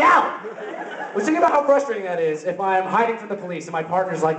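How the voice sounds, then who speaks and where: Young male stand-up comic, high voice, rambling absurd delivery, caught from afar in a roomy space. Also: expressive, fast talker. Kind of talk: open-mic stand-up comedy. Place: open-mic venue. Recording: roomy, distant, noisy camera recording.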